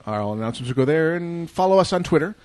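A man's voice: a little high, lively intonation, racing, darkish tone. A man hosting a casual podcast, wrapping up the episode with playful, laughing, mock-grand announcements. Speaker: podcast host.

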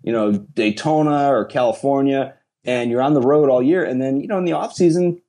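A man's voice: medium pitch, fairly quick, mellow. A man chatting casually, rambling and swearing, often laughing as he talks. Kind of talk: casual chat.

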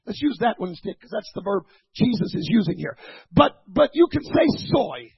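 A man preaching a sermon, halting and repeating words as he teaches, then rising to shouted fervor. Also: high-pitched, very animated, creaky, slightly rough, muffled recording.

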